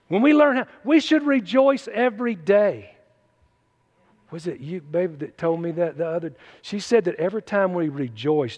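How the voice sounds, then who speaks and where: Man preaching, high and folksy. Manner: folksy, emphatic, drops to quiet asides. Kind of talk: sermon. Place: church hall. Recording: long hall reverb.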